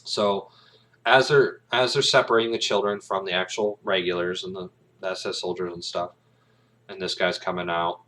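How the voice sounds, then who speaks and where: Low-voiced man rambling through a film retelling. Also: a bit bright. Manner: rambling, with many ums and restarts. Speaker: aspiring actor, vlogger. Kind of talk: casual retelling of a film scene.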